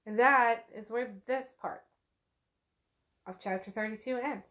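Casual, higher-voiced woman recapping a book. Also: measured pace, a bit bright. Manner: retells scenes loosely with "she's like", swears, laughs often. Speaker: book podcast co-host.

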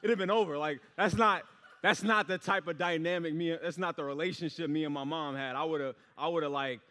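A young man tells a story in his sermon in a loose, rambling way, full of fillers. His voice sits slightly high for a man. A long hall reverb trails each phrase. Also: fairly even intonation, brisk, bright, forceful tone. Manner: casual, rambling, many fillers.

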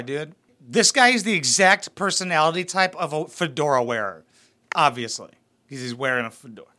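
A man's voice: on the high side, fairly quick. A young man giving crude, mocking comedic commentary on reality TV clips. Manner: mocking, profane, animated. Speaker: reaction commentator.

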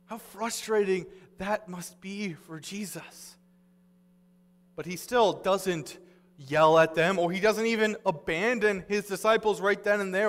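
A man's voice: sits high, fairly bright tone, long reverb tail. A man pastor giving a sermon, earnest and conversational as he retells scripture in everyday words.

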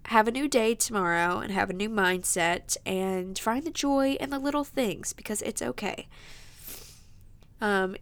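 A woman's voice: medium pitch, clear, resonant tone. A woman in her early twenties hosting a podcast, talking in a heartfelt, emotional way, sniffling and close to tears, with many fillers. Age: 20s. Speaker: podcast host. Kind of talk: casual heartfelt monologue.

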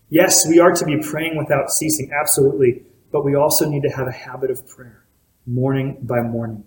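A man's voice: mid-range voice, darkish tone. A man preaching a sermon as pastor, earnest and direct, putting questions to his listeners. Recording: roomy echo.

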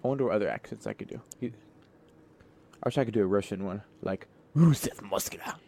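A young man co-hosting a podcast in casual chat, joking around with quick asides. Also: lowish voice, sing-song, warm tone. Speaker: podcast co-host.

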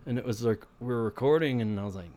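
A man's voice: mid-range voice, fast talker, mellow. A man hosting a podcast in casual chat, laid-back, often laughing and saying "like". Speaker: podcast host.

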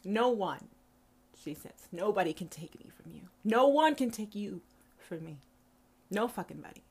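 Woman playing a tender female God, intimate and protective, soft with a stray curse. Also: medium pitch, expressive, normal speed, breathy edge. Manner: soft, reassuring, profane.

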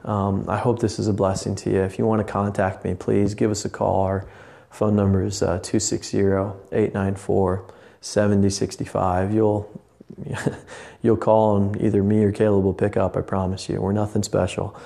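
A man's voice: on the low side, little pitch movement, moderate pace, vocal fry, mellow. A man, a lay pastor, preaching a passionate, earnest podcast sermon that rambles with restarts. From Indiana, USA.

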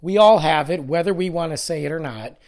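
Talking alone on his podcast, this host has a slightly high voice and a slightly quick pace. He's stuffed up from illness, so he sounds nasal while he rambles, complains, and runs himself down in a casual monologue.

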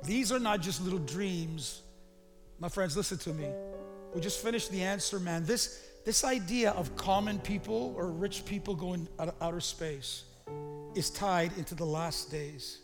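A pastor preaching a sermon, animated and calling the congregation to repeat after him. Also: male voice, high voice, unhurried. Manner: animated preaching, calls the crowd to repeat lines. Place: church sanctuary. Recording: reverberant hall with faint music.

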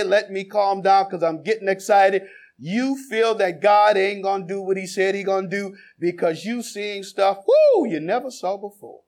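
A man a sermon, quizzing the congregation and then building to shouted exhortation. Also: sits high, expressive, normal speed. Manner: builds from conversational questioning to shouted preaching. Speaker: preacher. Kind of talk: sermon with congregation call-and-response.

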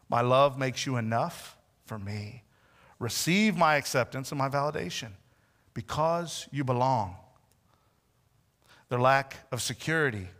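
A man delivers a sermon in a fairly high voice, taking on the voices he quotes as he retells the story. He often sinks into soft, hushed tones. His voice trails into a long reverb. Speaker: preacher.

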